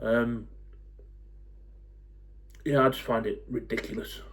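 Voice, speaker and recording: A man in his forties, talking to camera in a blunt, fed-up rant, swearing freely and pausing on lots of ums. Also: mid-range voice, steady tone, a bit bright. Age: 40s. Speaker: football fan YouTuber.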